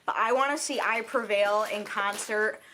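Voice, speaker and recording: A woman's voice: medium pitch, normal speed, sharp tone. A woman vlogging casually at home while opening presents, gushing and chatty with lots of "like" and "oh my God". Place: at home on Christmas morning. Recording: clear background noise and crinkling wrapping paper.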